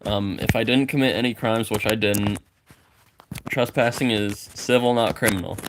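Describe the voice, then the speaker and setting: Young man, lowish voice, rambling storytime rant full of swearing and fillers. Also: steady tone, normal speed, noisy background.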